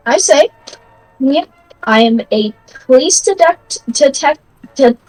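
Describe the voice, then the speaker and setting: A young woman playing a tabletop game over voice chat, hesitant and often stumbling over words. Her voice is high and her pace slow. Faint music plays behind her. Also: lively intonation, darkish tone, rough recording. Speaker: player.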